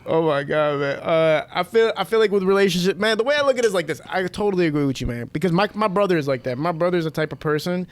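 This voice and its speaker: Podcast host, male, slightly high voice, easy profane banter. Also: very fast, hardly any pauses. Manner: animated, swears freely. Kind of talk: casual chat.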